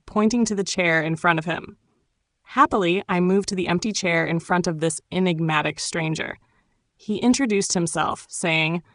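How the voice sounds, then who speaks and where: A woman from Turkey, narrating her own memoir audiobook in a calm, reflective storytelling manner. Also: fairly low pitch, dry recording.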